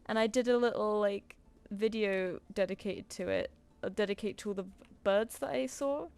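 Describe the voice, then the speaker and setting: A young woman chats loosely while she draws live for viewers. She laughs often, swears casually and wanders from story to story in an easy, mid-pitched voice. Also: moderate pace, darkish tone, clean tone. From United Kingdom. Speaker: streamer. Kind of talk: casual chat while drawing on stream.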